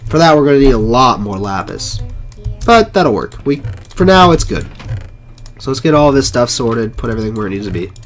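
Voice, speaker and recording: A hoarse man with a sore, rough throat, muttering casual commentary while he plays a game live. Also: medium pitch, sing-song, fairly quick, soft background music. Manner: mutters to himself while playing, frequent swearing. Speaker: game streamer.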